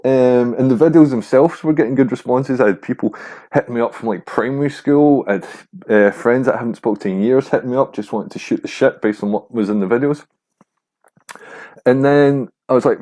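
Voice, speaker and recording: A man's voice: mid-range voice, a little fast, warm tone. A young man hosting a casual solo podcast, rambling and swearing freely with a self-mocking streak. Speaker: podcast host.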